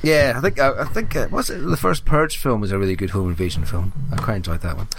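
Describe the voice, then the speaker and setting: Lower-voiced man, sweary and eager. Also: fast talker, vocal fry, slight background noise. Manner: enthusiastic, swears a lot, stumbles and restarts. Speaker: podcast co-host. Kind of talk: casual film podcast chat.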